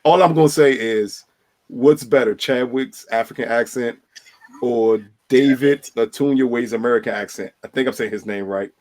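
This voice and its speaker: Male podcast host, mid pitch, teasing and emphatic, casual banter. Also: normal speed, a little mellow. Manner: teasing, emphatic, repeats himself.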